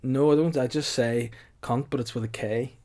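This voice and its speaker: Deadpan man. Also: mid-range voice. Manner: dry, deadpan, quick-witted. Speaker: podcast co-host. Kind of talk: casual comedic chat.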